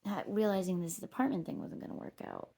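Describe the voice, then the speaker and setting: Woman rambling thru a story outside, gravelly and kinda breathy, swears a lot, laughs at herself. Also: on the low side, wildly swooping pitch, fast, warm tone. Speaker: vlogger. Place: outdoors on a walking trail.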